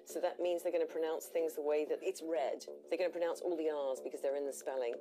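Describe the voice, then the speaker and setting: Woman voice coach, low and mellow, soft music behind. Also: steady tone, quick pace, low-quality recording. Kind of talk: coaching explanation.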